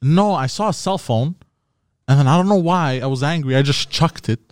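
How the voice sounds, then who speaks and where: A man in casual chat, recalling a story in a halting, sheepish way with many fillers. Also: a little high, darkish tone, dry recording.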